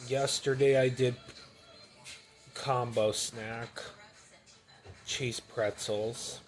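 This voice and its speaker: A man talking casually and haltingly as he reviews a snack and a drink at home, with sudden loud bursts between mumbled stretches. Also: mid-range voice, steady tone, faint music behind. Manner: rambling, halting, loud bursts while eating. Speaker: food reviewer.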